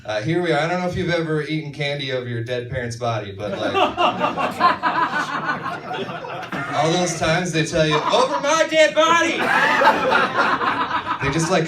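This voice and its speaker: Deadpan stand-up man in an echoey club. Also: fairly high pitch. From northern Minnesota. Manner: deadpan storytelling, acts out quoted voices. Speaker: stand-up comedian. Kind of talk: stand-up comedy set. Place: comedy club stage with a live audience. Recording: echoey club, far-off mic, audience noise.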